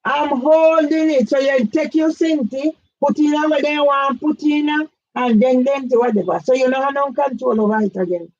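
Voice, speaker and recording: A woman's voice: high voice, moderate pace, few pauses, darkish tone, lo-fi sound. A woman, giving an emphatic direct-address complaint, firing pointed questions at one man by name. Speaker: campaigner vlogger.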